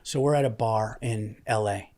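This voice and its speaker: A man, a guest comedian on a casual podcast, telling profane sports stories and jumping into animated voices. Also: fairly low pitch, moderate pace. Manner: loud profane storyteller who jumps into animated voices.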